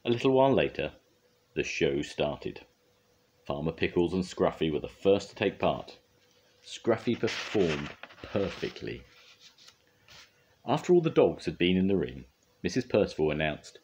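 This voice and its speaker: An older man reading a children's storybook aloud in a gentle, expressive way. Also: low-pitched, unhurried, pauses often, husky.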